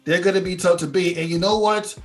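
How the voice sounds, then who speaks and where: A man's voice: sits high, steady tone, brisk, soft background music. A man hosting a casual sports podcast, hyped and steering the talk with questions. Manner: hyped, asks questions, leads the segments. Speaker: podcast host.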